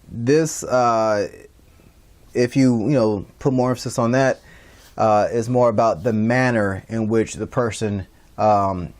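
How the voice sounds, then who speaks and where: A man's voice: on the low side, a little mellow. A man teaching a casual class over a stream, rambling, with many fillers and restarts. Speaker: instructor. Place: livestreamed class.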